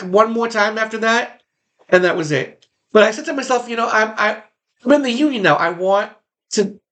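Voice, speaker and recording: Gravelly-voiced man reminiscing. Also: high voice, a bit bright. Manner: rambling, repeats phrases for emphasis. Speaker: former background extra. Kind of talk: casual personal reminiscence.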